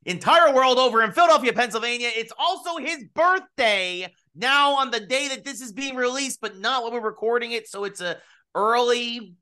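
A man co-hosting a podcast in casual, lively chat about sports and comics. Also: very high voice, normal speed. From United States. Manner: animated, bright and lively. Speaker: co-host. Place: home studio in Los Angeles.

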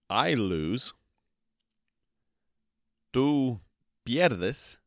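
A man's voice: lowish voice, very animated, fairly bright tone, dry recording, studio quality. A man hosting a podcast Spanish lesson, saying each phrase twice with its translation and checking in with "okay?". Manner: slow, repetitive, spells out phrases twice with translations; checks in with "okay?" and "all right". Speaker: Spanish teacher, podcast host.

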